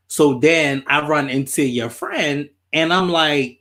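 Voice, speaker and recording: A man's voice: a little high, unhurried, few pauses. Man telling a story. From Baltimore, USA. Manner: animated, profane, repeats himself while telling a story. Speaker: podcast host. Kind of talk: casual storytelling.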